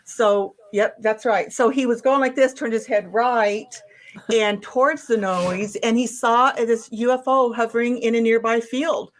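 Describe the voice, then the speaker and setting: A woman's voice: fairly high pitch, steady tone, measured pace. A woman presenting a witness case as an investigator, going step by step with frequent ums and restarts.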